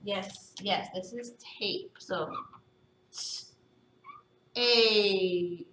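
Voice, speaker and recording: Patient woman phonics teacher, unhurried and encouraging, heard from a distance. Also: medium pitch, fairly bright tone. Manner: patient, encouraging, sounds words out slowly. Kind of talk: phonics lesson to young students. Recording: echoey room, voice from a distance.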